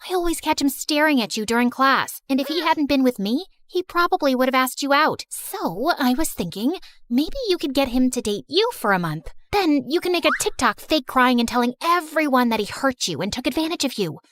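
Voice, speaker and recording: A woman voicing a pushy, scheming popular teenage girl in an animated story, talking fast and persuasively. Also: high voice, no echo.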